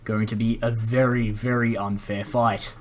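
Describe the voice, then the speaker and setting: A young man commentating a strategy game timeline in a measured, dry and lightly wry way. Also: lowish voice, flat delivery, a little hiss or hum.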